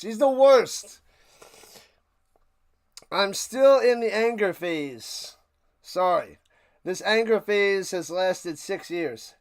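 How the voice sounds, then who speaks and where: A man hosting a live football reaction stream, ranting sarcastically and calling plays, swinging between muttering and loud outbursts. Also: sits high, slow pace, long pauses, no room sound, studio quality. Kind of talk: live sports reaction and play-by-play.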